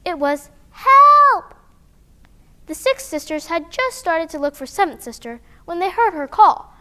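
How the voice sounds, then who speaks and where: A woman reads a children's picture book aloud in a high, bouncing voice. She is animated and expressive, throwing in playful sound effects as the story moves. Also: normal speed.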